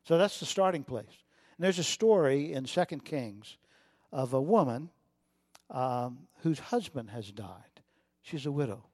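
A middle-aged man preaching a sermon, telling a personal story with feeling and swinging between loud and soft. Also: medium pitch, lively intonation, a little slow, no room sound, clean studio sound. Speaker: pastor.

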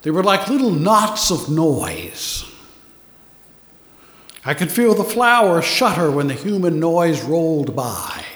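Slow, soft-spoken man in an echoey hall. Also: fairly high pitch, big pitch swings. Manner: slow, soft and unhurried, with long pauses. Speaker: spiritual teacher. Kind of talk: meditative sermon with chanting. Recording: echoey hall with long reverb.

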